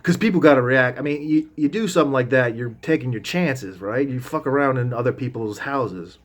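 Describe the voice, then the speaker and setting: A man's voice: medium pitch, a little fast. A man vlogging as he tells a rambling story in a loose, casual way, full of restarts and asides, with the odd swear word.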